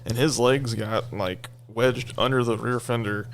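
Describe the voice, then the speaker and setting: Casting note: mid-pitched man, lively anecdote, faint hum behind him. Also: measured pace. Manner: animated storytelling. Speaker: guest, track crew worker. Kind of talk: casual chat.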